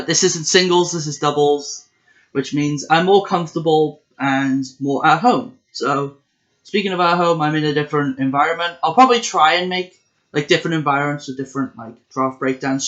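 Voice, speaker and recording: Chatty man with a slightly high voice. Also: moderate pace, a bit bright. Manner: chatty and self-correcting, with many fillers. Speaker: competitive video game player and channel host. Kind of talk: casual video commentary. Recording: dull lo-fi recording.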